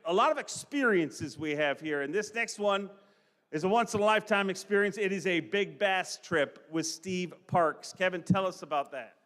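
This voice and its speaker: A man emcees a live event, bringing on the next item with upbeat, light joking. His voice is high for a man and rings with a long hall reverb. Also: moderate pace, a bit bright.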